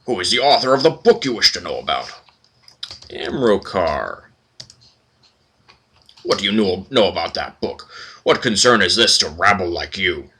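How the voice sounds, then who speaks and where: A man's voice: sits low, sing-song, moderate pace, pauses often, bright, forceful tone, a little hiss or hum, heavily acted. A man reading as a sneering minotaur librarian. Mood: suspicious. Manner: sneering, condescending. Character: haughty burly male minotaur librarian.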